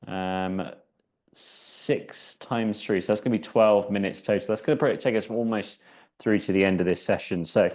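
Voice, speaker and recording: A man leading a seated exercise class as the instructor, chatty and encouraging, counting down each round. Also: on the low side. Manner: chatty, encouraging, counts down out loud, laughs at himself. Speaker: fitness instructor.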